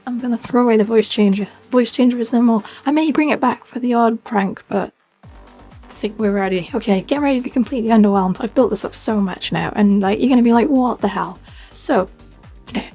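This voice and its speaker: A man's voice: extremely high pitch, a little fast, darkish tone, slightly rough, soft background music, pitched above the performer's own voice, exaggerated voice. A British man talking through a voice changer as a young goth woman streamer, chatty and giggly in casual live-stream chat.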